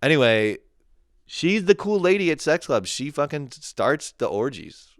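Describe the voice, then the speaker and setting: A young man hosting a crude solo comedy podcast, swearing freely, laughing at his own jokes and jumping into loud mock quotes. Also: on the high side, big pitch swings, unhurried, dry recording, clean studio sound. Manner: profane, laughing, shifts into shouted mock quotes.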